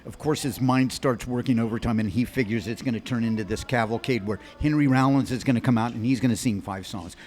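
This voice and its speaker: A man in his sixties, a musician guest on a podcast, telling long anecdotes in quick animated bursts with many restarts. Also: medium pitch. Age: 60s. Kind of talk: rambling storytelling in an interview.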